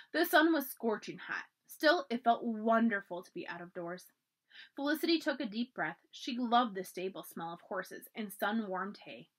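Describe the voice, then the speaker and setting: A woman reads a children's chapter book aloud as a library storyteller, her voice expressive and animated. Her pitch moves a lot, rising and dipping through the narration.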